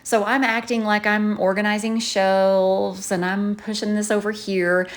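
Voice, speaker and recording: A woman, a journaling vlogger chatting in a casual, animated, expressive way as she tells a story. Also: mid-range voice, unhurried.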